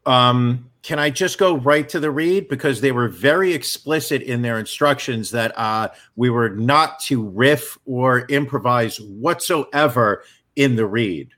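A man's voice: unhurried, fairly bright tone. A middle-aged man co-hosting a casual podcast, chatting and bantering. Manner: booming mock radio-announcer voice. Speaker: podcast co-host.

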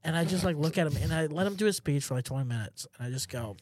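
Young guy podcast cohost, crude jokey storyteller, slightly high voice, dry close sound. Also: fast, no echo. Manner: crude, joking, animated storyteller. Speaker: podcast co-host. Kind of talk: casual comedic chat.

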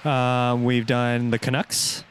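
A man's voice: medium pitch, little pitch movement, slow. A man co-hosting a casual podcast, trading laid-back jokes and banter. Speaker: podcast co-host. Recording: noisy with background hiss.

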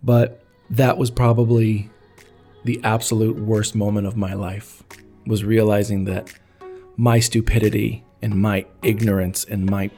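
A man's voice: lowish voice, vocal fry. A man hosting an interview, frank and casual, who swears freely. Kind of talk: candid interview questions.

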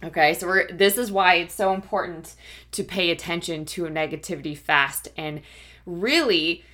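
A woman's voice: fairly low pitch, moderate pace. A woman giving a faith-based coaching talk, conversational and encouraging, often checking in with her listeners. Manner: conversational, keeps checking in with "right?" and "okay?"; warm, encouraging, laughs now and then. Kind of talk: teaching talk.

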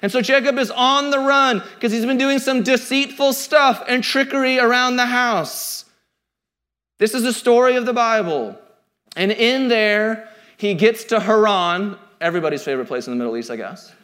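A man in his thirties preaching a sermon in a joking, conversational way, swinging from loud to quiet. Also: extremely high pitch, normal speed. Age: 30s. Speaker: pastor.

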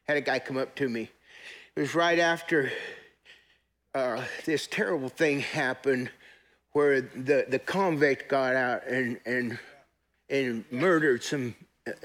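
A man with a fairly high voice preaches a sermon in a church service. He talks in a conversational way, stopping to ask the congregation questions and waiting on their answers. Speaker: pastor.

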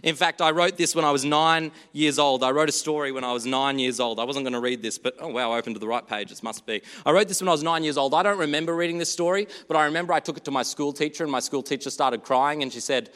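A man preaching a sermon in a church, earnest and storytelling, moving between hushed and animated delivery. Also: on the high side, quick pace, hardly any pauses, in a large hall.

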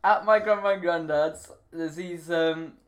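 A man's voice: a little high, a little slow. A man co-hosting a casual chat, giggling often and rambling, trailing off mid-sentence and restarting his thoughts.

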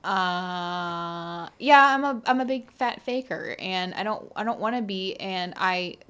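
A woman talking openly with her partner in a casual chat. She giggles often between words. Her voice sits at an ordinary pitch for a woman. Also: normal speed, a bit bright. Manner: giggly, candid.

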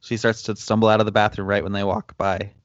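A man's voice: lowish voice, little pitch movement, quick pace, muffled recording. A man co-hosting a casual movie recap chat, laid-back, with ums and laughs. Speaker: podcast co-host.

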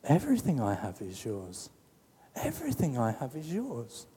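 A preacher voicing a generous father calmly reassuring his son. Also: mid-range voice, moderate pace, slightly rough, long reverb tail, full character voice. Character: loving father, older man, patient and generous.

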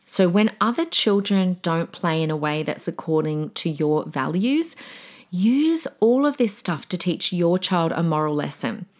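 A middle-aged woman hosting a parenting podcast, telling stories and giving advice in an animated, casual way, slipping into a soothing teacher voice when she quotes herself. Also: on the low side, measured pace.

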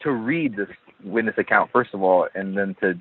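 A man guesting on an interview, a comic artist who tells stories in an animated way and laughs often. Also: fairly low pitch, moderate pace, husky. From Southern California. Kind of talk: casual interview chat. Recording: tinny phone-line audio, dry.

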